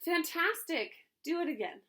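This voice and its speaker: A woman's voice: a little high, expressive, normal speed. A woman voicing a bold, clever young princess who calls out eagerly in a storybook. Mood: cheering. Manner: shouting, eager.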